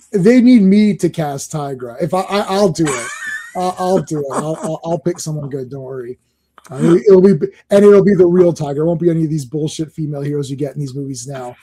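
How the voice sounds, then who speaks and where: A man's voice: on the high side, moderate pace, mellow. A man co-hosting a casual comic book talk show, joking and laughing often. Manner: laughs often, jokey, mimics characters. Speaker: podcast co-host.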